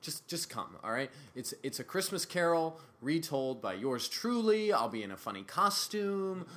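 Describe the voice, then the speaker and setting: A young man trades sarcastic jabs with his co-host in relaxed podcast banter. His voice rises and falls a lot as he talks, and it sits bright and forward. He teases, exaggerates and plugs his events in the same breezy way. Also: a little high, normal speed. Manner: sarcastic, animated, teasing. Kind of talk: casual banter.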